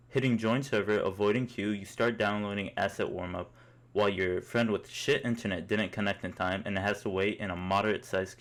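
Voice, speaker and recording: Young man, amused mock-epic storyteller. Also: lowish voice. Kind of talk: second-person comic storytelling.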